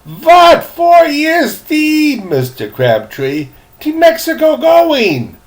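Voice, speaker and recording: A man's voice: extremely high pitch, huge pitch swings, extremely slow, voice pushed up, full character voice. A man voicing an immense, bald, gin-drinking ship captain who speaks in thick, murky broken English. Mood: gruff, booming.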